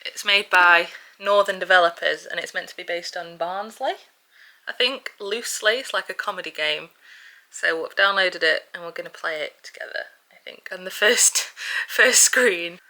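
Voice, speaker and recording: A vlogger with a Northern English accent chats casually to camera in her home kitchen, laughing easily and acting mock-outraged over small things. Her voice is on the low side and sharp in tone at normal speed. The recording is rough, with clear background noise from home.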